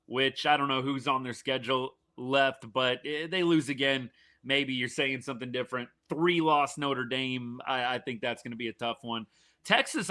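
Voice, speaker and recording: A man hosting a live reaction stream for a college football game, talking casually and animatedly, with frequent restarts. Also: mid-range voice. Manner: animated, fan-partisan commentary with frequent restarts.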